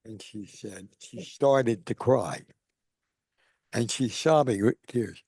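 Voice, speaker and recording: Speaking slowly in a medium-pitched, slightly mellow voice with a breathy edge, an older guest on a video call tells stories and performs the voices of the people in them. The sound is clean studio audio without echo.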